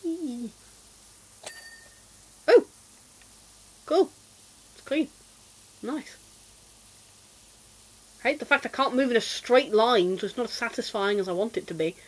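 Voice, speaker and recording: A young British woman chatting casually while streaming a game, self-deprecating and quick to giggle and exclaim. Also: a little high, low-quality recording. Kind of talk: casual gameplay chat.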